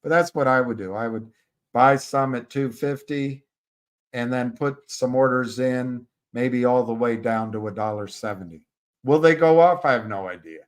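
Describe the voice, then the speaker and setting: A man hosting a live stream, giving halting, casual commentary on stock charts and talking to his viewers by name. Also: medium pitch. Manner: halting, restarts mid-phrase, talks to viewers by name.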